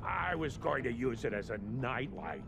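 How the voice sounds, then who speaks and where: A gruff caveman villager. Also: medium pitch, lively intonation, normal speed, noisy background. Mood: grateful. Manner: gruff, slightly forced caveman speech. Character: gruff caveman villager chief, male adult. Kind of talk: video game character dialogue. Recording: game audio with music behind.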